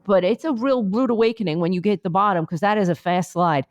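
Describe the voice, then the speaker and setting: A woman's voice: medium pitch, quick pace. Rambling mock-earnest woman podcast host. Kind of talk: comedic chat and mock mindfulness monologue. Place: remote, on vacation.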